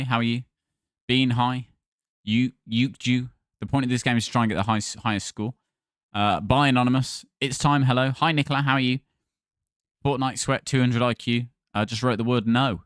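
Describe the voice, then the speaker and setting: Male streamer, mid pitch, dry close sound, chatty and upbeat with chat. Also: clean tone, no echo. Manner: chatty, thanks followers by name. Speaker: livestream gaming host. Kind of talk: casual livestream chat with viewers.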